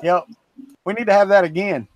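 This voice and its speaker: High-voiced Southern man, folksy teasing. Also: steady tone, fairly quick, no echo. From Florida. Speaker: co-host of a livestream. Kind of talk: casual chat.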